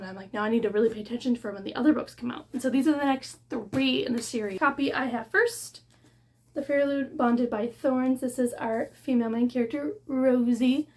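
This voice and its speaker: A woman vlogging a casual book haul unboxing, gushing and excitable as she shows off her books. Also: a little high, husky. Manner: gushing and excitable, with gasps of delight.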